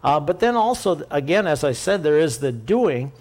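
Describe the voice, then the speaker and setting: A man's voice: on the high side, sing-song, moderate pace, darkish tone. A man giving a sermon-style Bible teaching, explaining patiently and thinking aloud with restarts.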